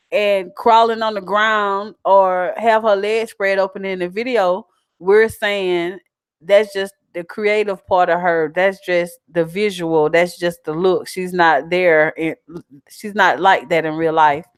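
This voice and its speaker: Woman vlogger, South Carolina twang, chatty and animated, dry close recording. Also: medium pitch, a little slow, clear, resonant tone, no echo. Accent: South Carolina country twang. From South Carolina, USA. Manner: chatty, animated, laughs often. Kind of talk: casual chat reading viewer comments.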